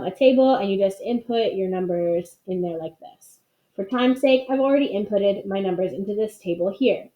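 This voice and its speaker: Woman teaching math in an echoey room. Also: a little high. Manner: clear, explanatory, conversational. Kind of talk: screen-recorded math lesson. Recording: echoey, dull lo-fi sound.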